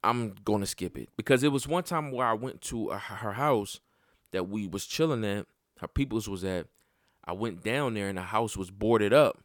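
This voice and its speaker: A man hosting a podcast, telling a personal story in casual, profane talk that climbs sharply in pitch when he gets worked up. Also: normal speed, no room sound, studio quality. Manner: animated and profane, voice jumping up when heated. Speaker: podcast host.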